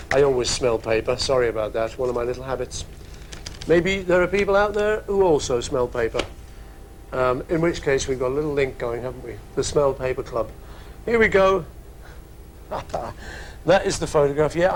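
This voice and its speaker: Guy reading out fan questions in a studio, slightly high voice, rambly and jokey, faint hiss behind. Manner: rambling and jokey, with playful asides. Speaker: music program host answering listener questions. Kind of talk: casual chat.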